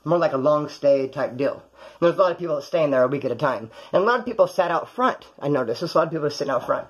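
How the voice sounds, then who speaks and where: A man with a high, husky voice rattles off a casual story from his own life, swearing freely and rambling. He acts out the other people's lines as he goes. The recording sounds dull and lo-fi. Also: lively intonation, fast talker.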